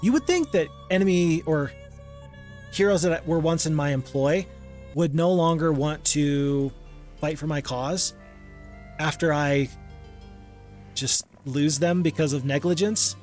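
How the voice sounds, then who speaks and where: A man with a slightly high voice talks through a strategy game as a gaming host, reasoning aloud and counting units quietly under his breath. He is casual and openly self-critical about his mistakes. Faint music plays behind him. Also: a little slow, pauses often. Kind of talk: casual gameplay commentary.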